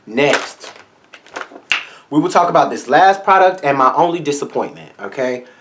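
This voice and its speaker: A man's voice: on the high side, lively intonation, normal speed, background noise. A man reviewing makeup products in a vlog, talking straight to his viewers in a sassy, flamboyant, salty way. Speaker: beauty vlogger.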